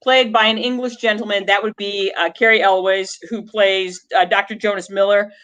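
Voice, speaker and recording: A woman's voice: mid-range voice, level tone, moderate pace, fairly bright tone, smooth, muffled recording. A woman co-hosting a casual podcast chat about a movie, talking in a chatty, enthusiastic, rambling way. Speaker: co-host.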